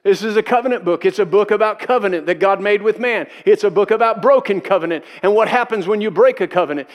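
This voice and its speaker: A male pastor preaching a sermon, emphatic and repeating key phrases, acting out quoted voices as he goes. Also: sits high.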